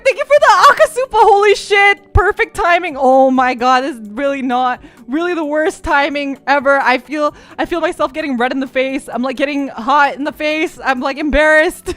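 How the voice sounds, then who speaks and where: A young woman streamer chatting casually, telling stories in an animated way and sometimes breaking into shrieks and laughter. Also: high-pitched.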